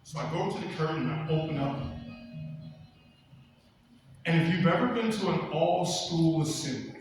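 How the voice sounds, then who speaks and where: Stage storyteller, male, lively high voice that swings widely, animated, acts out voices; distant mic in a roomy hall, music underneath. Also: moderate pace. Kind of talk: live storytelling performance.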